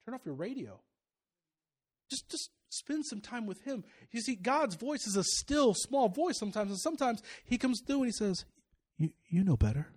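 A pastor preaching a sermon and telling a personal story, moving from loud, rising exhortation to quiet, confiding asides. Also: male voice, high-pitched, lively intonation, moderate pace.

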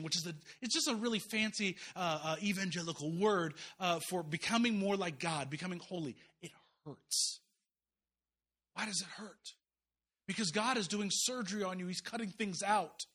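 Impassioned preacher man, high bright voice. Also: a little fast. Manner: impassioned, swings between loud urgent peaks and quiet low asides; folksy, uses y'all and slang. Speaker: guest preacher. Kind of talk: sermon.

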